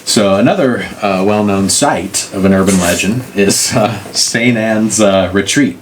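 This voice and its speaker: A middle-aged man with a low, heavy voice tells local stories in a relaxed, joking way. He drops into goofy voices for the people in his tales. A faint hiss sits under the recording. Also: measured pace. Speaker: podcast co-host. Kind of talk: casual storytelling chat.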